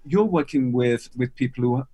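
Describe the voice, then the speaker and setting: A man's voice: medium pitch, normal speed, mellow. A man hosting an interview, agreeing with his guest and asking follow-up questions. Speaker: interview host. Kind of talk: interview conversation.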